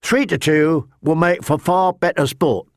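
A man's voice: on the high side, lively intonation, measured pace, vocal fry, no echo, clean studio sound, heavily acted. A man voicing a small, cheerful boy squire in an audiobook. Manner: light, cheerful. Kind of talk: audiobook character voice.

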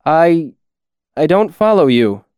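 A man's voice: high-pitched, big pitch swings, normal speed, dry recording, pitched above the performer's own voice. A man voicing a rattled, wary scribe. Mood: disconcerted.

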